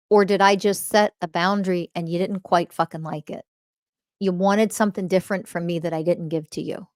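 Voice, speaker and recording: Lowish-voiced woman host giving a blunt spiritual lecture, swears a lot, hammers rhetorical questions, keeps repeating lines, dry close sound. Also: fairly even intonation, unhurried, pauses often, no room sound. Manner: emphatic, confrontational, swears often, fires rhetorical questions; repeats key phrases for emphasis. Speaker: podcast host and spiritual teacher. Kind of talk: blunt spiritual teaching monologue.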